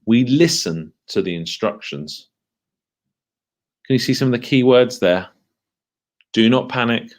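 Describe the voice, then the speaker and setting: A man leading a school assembly for children, speaking in a lively, questioning way and slowing down to stress key words. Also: fairly low pitch.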